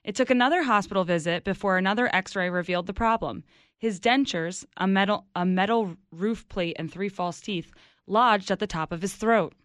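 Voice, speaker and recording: A woman on a talk show reading out a news item in a steady, informative way. Her voice is smooth and resonant, and it is recorded close and dry. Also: medium pitch, normal speed, no room sound. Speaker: co-host reading a news story.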